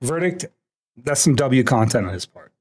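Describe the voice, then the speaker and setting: A man's voice: mid-range voice, lively intonation, normal speed, a little mellow, husky. A man doing casual live-stream commentary while reacting to a video, laughing often and teasing.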